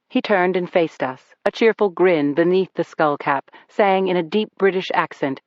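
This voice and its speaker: Audiobook narrator, wry first-person thriller read, middle pitch, lo-fi dry recording. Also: normal speed, hardly any pauses, no echo.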